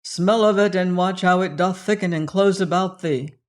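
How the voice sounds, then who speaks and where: A narrator voicing a fearless male shaman who speaks in a loud, commanding way. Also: fairly high pitch, fairly even intonation, unhurried, natural voice.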